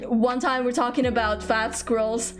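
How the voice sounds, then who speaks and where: A woman's voice: a little high, level tone, moderate pace, over music. A young woman streaming from home, chatting casually and playfully, giggling often, rambling and thanking viewers for gifts. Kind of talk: casual live-stream chat. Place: home room.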